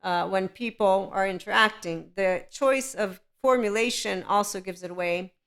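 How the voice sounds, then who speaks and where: A woman hosts her own podcast, speaking alone and off the cuff. Her voice is smooth and clear, set at a middle pitch for a woman. She rambles, leans hard on her points, speaks candidly, and keeps checking in with the listener. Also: normal speed, fairly bright tone. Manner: rambling, emphatic and candid, with frequent "okay" check-ins. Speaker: podcast host. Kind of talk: unscripted solo podcast monologue.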